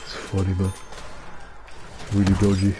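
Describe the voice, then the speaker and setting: A young Scottish streamer, about nineteen, rambles in a low, dopey monotone at a moderate pace during casual late-night gaming chat. He stumbles over words and runs himself down while music and noisy game audio play behind.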